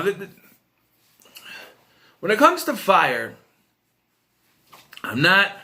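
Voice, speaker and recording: A man's voice: mid-range voice, pushed and bright. Ask for a rambling man reviewing films. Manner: rambling, chatty, with frequent restarts and asides. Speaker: movie reviewer. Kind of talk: casual film review.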